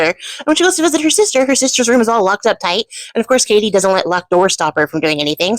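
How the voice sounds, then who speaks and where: A woman's voice: sits high, dry recording, rough recording. A woman retelling a fairy tale in a chatty, casual way, laughing often and swearing. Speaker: storyteller and channel host.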